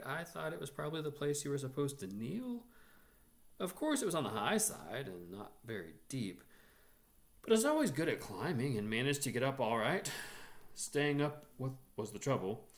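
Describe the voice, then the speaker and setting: A man reading a short story aloud in a measured, expressive storytelling manner. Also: a little high, gravelly. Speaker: reader.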